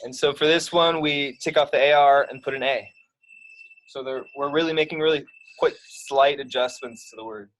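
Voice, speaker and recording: A man's voice: medium pitch, steady tone, normal speed, fairly bright tone, rough recording. Patient male Spanish teacher explaining. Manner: patient, step-by-step explaining with many fillers. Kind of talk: explaining grammar to young students.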